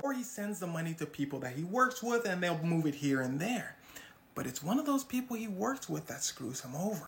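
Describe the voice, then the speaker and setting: A woman's voice: fairly low pitch, a bit bright. A woman telling a comedic true-crime story in a playful, slangy way, jumping into voices.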